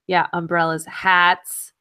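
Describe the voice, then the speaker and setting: A woman co-hosting a science podcast, chatting in an enthusiastic, playful way with quick laughs. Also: lowish voice, level tone, bright, forceful tone, smooth. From California, USA. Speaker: podcast co-host. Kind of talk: casual chat.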